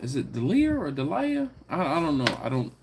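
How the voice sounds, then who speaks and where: Animated man hosting a live chat. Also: a little high, normal speed, vocal fry, background noise. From Philadelphia. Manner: animated, laughs often, reads comments aloud. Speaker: livestream host reading chat.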